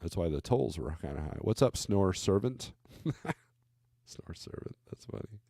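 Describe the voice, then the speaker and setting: Low-voiced trucker chatting on a livestream. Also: male voice, expressive, moderate pace, gravelly, dark tone, no room sound, clean studio sound. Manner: rambling, reads viewer comments aloud, wry asides. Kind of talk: casual livestream chat reviewing freight loads.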